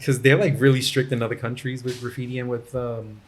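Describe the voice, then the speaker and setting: A man in a casual podcast chat, telling animated stories full of slang and acted-out quotes. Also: mid-range voice, a little fast, slight background noise. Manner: animated storyteller, acts out quotes with laughter and slang. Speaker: podcast guest.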